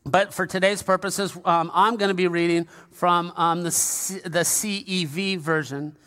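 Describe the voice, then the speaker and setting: High-voiced pastor in a reverberant hall. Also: male voice, steady tone, unhurried, sharp tone. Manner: conversational and humorous, with asides to the congregation. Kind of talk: sermon. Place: large church sanctuary. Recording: long reverb of a large hall.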